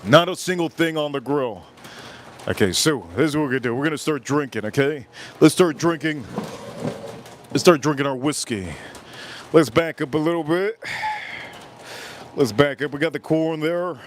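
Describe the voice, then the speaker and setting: A man hosting a live cooking stream outdoors at a grill, chatting in a rambling, joking way that breaks into shouted bits. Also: on the high side, normal speed, pauses often, slight background noise. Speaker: livestream cooking host.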